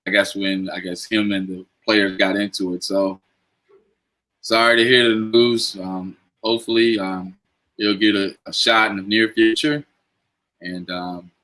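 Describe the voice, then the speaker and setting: Hesitant, bright-voiced male sports host. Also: fairly low pitch, low-quality recording. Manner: hesitant, full of "uh" and "you know". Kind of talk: sports talk radio.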